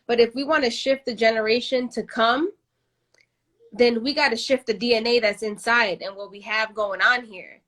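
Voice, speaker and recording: A woman with a somewhat high voice talks passionately in a casual podcast chat. She rambles and often restarts her sentences as she works through her ideas. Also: steady tone, normal speed, fairly bright tone. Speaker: podcast host.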